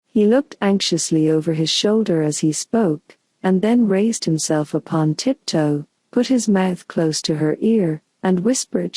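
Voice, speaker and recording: A woman narrating a bedtime storybook in a calm, soothing, unhurried way. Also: fairly low pitch, dry recording. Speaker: audiobook narrator.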